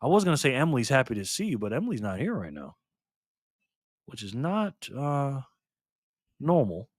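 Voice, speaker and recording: A man's voice: medium pitch, sing-song, normal speed, dry recording, clean studio sound. A man hosting a casual live stream, chatting loosely with viewers and laughing easily. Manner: laid-back, chatty, laughs often, greets viewers.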